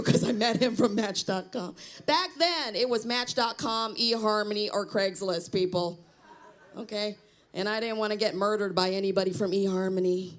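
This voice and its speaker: A middle-aged woman doing a self-deprecating stand-up comedy set on a small theater stage, chatting with the crowd. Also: mid-range voice. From Cambodian heritage.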